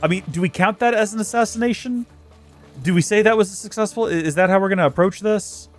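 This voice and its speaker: A man's voice: high voice, quick pace, soft background music. A man hosting a let's play, giving chatty, joking gameplay commentary with self-mocking asides.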